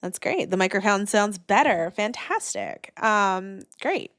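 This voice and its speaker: A woman's voice: medium pitch, animated, measured pace, fairly bright tone, no room sound, studio quality. A woman VTuber streamer in casual live-stream chat from her attic on a new microphone, rambling and greeting viewers by name. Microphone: new studio microphone.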